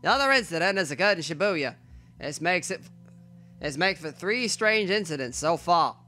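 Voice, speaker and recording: A man's voice: sits high, expressive, moderate pace, sharp tone, pitched above the performer's own voice. A man voicing a brash, attention-seeking male internet reporter in an old-timey announcer voice while reading a visual novel. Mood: sensational.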